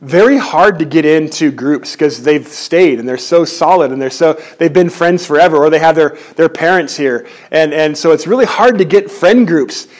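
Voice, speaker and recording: A man preaching a sermon in church, animated and jokey, often restarting his words. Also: fairly high pitch, moderate pace, hardly any pauses. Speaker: pastor.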